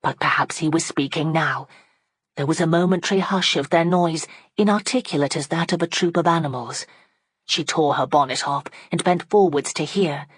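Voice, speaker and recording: A woman narrating an audiobook in a steady, dramatic storytelling manner on a close microphone. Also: deep voice, normal speed, slightly rough, dry recording. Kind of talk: scripted narration.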